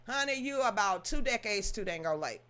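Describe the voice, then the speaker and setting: A woman's voice: mid-range voice, expressive, fairly quick, fairly bright tone. A woman reading news aloud, then ranting about it in an emphatic, sassy, scolding way. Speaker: political commentary host.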